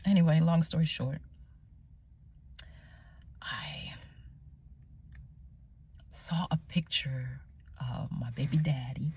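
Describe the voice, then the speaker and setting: A young Christian vlogger shares her faith testimony in a casual, animated, chatty way, often dropping to a near-whisper and searching aloud for words. Her voice is bass, gravelly and slightly rough.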